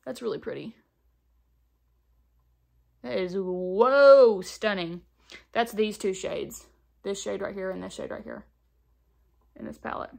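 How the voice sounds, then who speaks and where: A young woman talks through a get-ready-with-me makeup session at home. She is chatty and candid, leaning on fillers like "like" and "um" in loose, rambling sentences. Her voice sits at an ordinary middle pitch. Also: animated, moderate pace, creaky, pauses often, darkish tone, slightly rough. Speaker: beauty vlogger. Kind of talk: casual get-ready-with-me chat. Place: indoors at home, doing makeup on camera.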